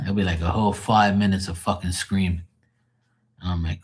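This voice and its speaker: A man with a deep, husky voice chatting loosely on a live stream. He tells rambling stories full of swearing and chuckles, with a rough, breathy edge to his speech. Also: flat delivery, quick pace, darkish tone. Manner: profane, storytelling, chuckling. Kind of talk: casual rambling chat.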